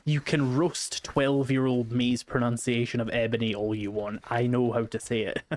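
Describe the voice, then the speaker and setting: Scottish streamer, man, mid pitch, light vocal fry, wry casual chat. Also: flat delivery, moderate pace. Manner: chatty, wry, reading chat aloud.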